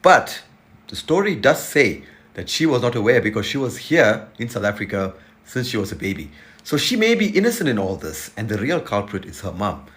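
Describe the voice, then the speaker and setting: A man's voice: fairly low pitch, big pitch swings, normal speed, fairly bright tone. A man giving a casual news update in an explanatory way.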